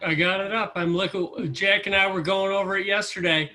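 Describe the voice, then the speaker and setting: A man hosting the show, putting relaxed follow-up questions to his guest. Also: high-pitched, brisk. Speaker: show host. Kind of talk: interview questions.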